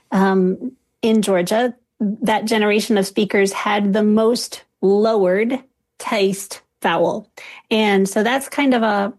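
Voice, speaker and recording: A woman speaking as an expert guest on a talk program, explaining carefully and methodically with many small pauses and fillers. Her voice sits at a middle pitch, neither high nor low. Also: a little mellow. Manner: measured, academic, with frequent um fillers. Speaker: linguist guest. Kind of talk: explanatory radio interview.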